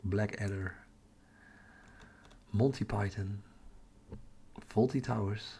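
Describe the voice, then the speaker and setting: Dutch-accented male livestream host, slow-talking and gravelly, chatty, talks to himself between comments. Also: lowish voice, steady tone, mellow, a little hiss or hum. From Netherlands. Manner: chatty, muttering to himself while tracking captures. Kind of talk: casual live-stream chat reading comments.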